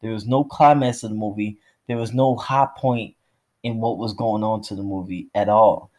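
A man co-hosting a casual movie review podcast, blunt and slangy, recording at home in the dark during a power cut. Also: on the low side, steady tone, moderate pace. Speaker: podcast co-host.

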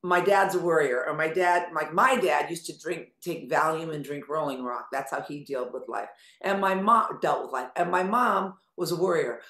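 Animated older woman hosting a video call. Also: on the low side, moderate pace, roomy sound. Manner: animated, teasing, swears casually. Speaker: anxiety forum host. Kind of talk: live video call coaching.

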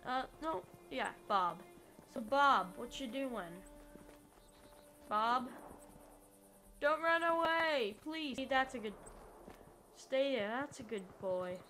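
Slow-talking excitable woman gamer. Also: high-pitched, soft background music. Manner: excitable, yelps and talks to game characters. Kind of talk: let's-play commentary.

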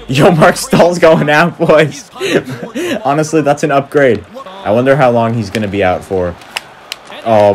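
A young man doing play-by-play commentary while he plays a video hockey game, calling goals like a sportscaster and yelping and groaning at the action. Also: on the low side. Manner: excitable, mock sportscaster calls, yelps and groans. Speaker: gaming YouTuber. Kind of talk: live play-by-play gaming commentary.

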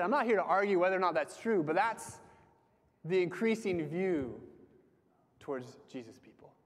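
A young man giving a casual sermon to a campus group, talking conversationally with lots of fillers and letting his phrases trail off softly. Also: sits high. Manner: conversational, frequent "like" fillers, dips soft at phrase ends. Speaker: campus ministry speaker. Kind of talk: casual sermon with personal stories. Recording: long hall reverb.

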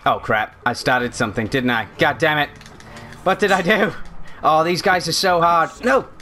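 With a fairly high pitch and a sharp tone, this man speaks at a moderate pace over faint background music. He's a let's play host playing a video game at home, chatty and flustered, apologizing a lot while a dog barks.

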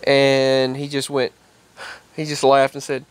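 A man's voice: medium pitch, little pitch movement, takes it slowly, smooth, no echo. A man telling a rambling personal story in casual vlog style. He repeats himself and raises his voice when he quotes other people. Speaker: vlogger.

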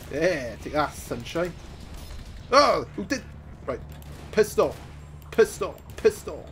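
Excitable man commentating gameplay. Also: on the high side, takes it slowly, long pauses, faint music behind. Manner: excitable, laughing, taunting opponents. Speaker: gaming YouTuber.

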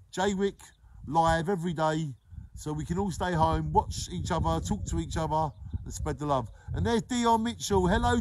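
A man, hosting a daily live show and warmly giving repeated shout-outs to viewers by name. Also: on the high side, background noise. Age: 40s. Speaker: live-stream host.

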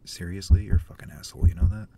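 A man's voice: sits low, racing, heavy background noise. An actor playing an anxious man whose inner voice mocks him bitterly and swears at him, in a short film voice-over. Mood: mocking. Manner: mocking, bitter, swearing self-talk. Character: anxious man taunted by his own inner critic.

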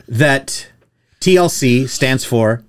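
A man's voice: mid-range voice, slow pace. Guy hosting a chatty podcast, tells stories, jokey, does little voices for people he quotes. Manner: storytelling, jokey, acts out quotes in raised voices. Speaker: podcast host, tow truck operator. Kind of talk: casual podcast chat. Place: studio with producer present.

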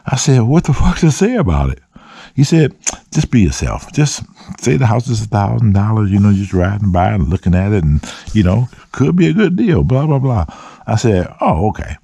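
A man's voice: lowish voice, lively intonation, moderate pace, creaky, dark tone, slightly rough, no room sound. A man telling a long, profane personal story in a casual vlog, often voicing quotes. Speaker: vlogger. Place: dark room.

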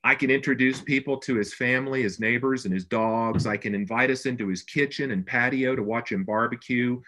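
A man's voice: medium pitch, brisk, bright, forceful tone. A man presenting a business webinar as a brand consultant, speaking in an earnest, conversational way with emphatic stresses.

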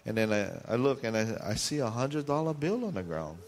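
Pastor, male, animated storyteller, mid-range voice, long church reverb. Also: medium pitch, fairly quick. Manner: lively storytelling with call-and-response. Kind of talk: sermon. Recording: reverberant hall sound.

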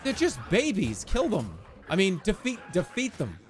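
A man streaming a strategy game, excitable and swearing, yelling commands at his units. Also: high-pitched, normal speed, faint music behind. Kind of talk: live gameplay commentary.

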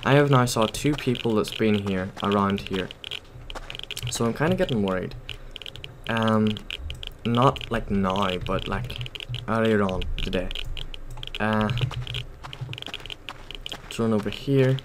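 A man with a lowish voice talks slowly through a gameplay session, rambling and hesitant, correcting himself as he goes. Keyboard clicks and a faint hiss sit behind him. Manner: rambling, hesitant, full of ums and self-corrections. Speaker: gaming YouTuber. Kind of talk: casual gameplay commentary. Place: at a computer while playing.

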